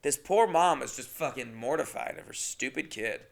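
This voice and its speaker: A man's voice: medium pitch, lively intonation, normal speed, creaky. A young man, a comedian and podcast host, telling a crude, brash, profane anecdote. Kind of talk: comedic storytelling.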